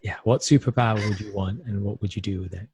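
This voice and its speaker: Brief: male interview host, husky, dry close sound, warm affirming chatter. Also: fairly low pitch, steady tone, fast talker, no room sound. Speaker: podcast host. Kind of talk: casual interview chat.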